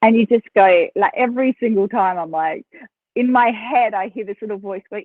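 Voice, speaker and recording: A woman with an Australian accent, a podcast guest telling stories in a chatty, animated way and laughing between phrases. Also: mid-range voice, normal speed, no echo. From South Australia. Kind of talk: casual interview storytelling. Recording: tinny phone line, dry.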